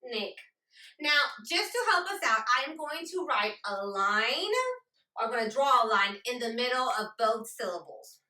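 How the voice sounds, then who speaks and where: A woman literacy teacher walks children through a phonics lesson and carefully sounds out each word. Her voice is bright and lively, moving up and down a lot. It has a roomy echo and sits away from the microphone. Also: a little high. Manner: slow, deliberate, sounds out words. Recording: roomy echo, distant from mic.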